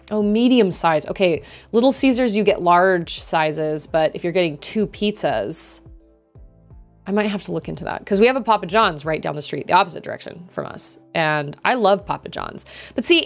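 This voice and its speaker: A woman streamer chatting casually with her viewers while she plays, rambling and answering chat as she goes. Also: mid-range voice.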